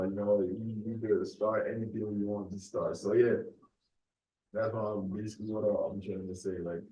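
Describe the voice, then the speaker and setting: A man's voice: fairly low pitch, warm tone, roomy sound, far from the mic, dull audio. A young Nigerian man who speaks with a mostly American accent and a light Nigerian lilt, hosting a casual solo podcast and rambling loosely with lots of "you know" and "like". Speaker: podcast host.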